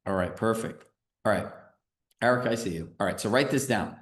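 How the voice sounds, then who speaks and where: Energetic male coach on a video call. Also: fairly low pitch, brisk, reverberant. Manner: energetic, conversational, filler-heavy with frequent "right?". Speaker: real estate business coach.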